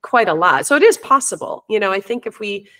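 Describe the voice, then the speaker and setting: A woman talking in an open, reflective way, the way a teacher and parent coach tells a story from her classroom. Her voice sits at a middle pitch, and she often restarts a sentence as she thinks it through. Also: expressive, brisk, fairly bright tone. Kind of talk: casual conversational interview.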